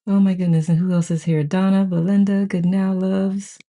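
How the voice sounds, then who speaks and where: A mellow, medium-pitched voice with little pitch movement, at a moderate pace. The speaker hosts a live book-study group and chats casually on a live stream, greeting each viewer by name, reading the chat aloud with gushing enthusiasm, and saying "I love it" frequently.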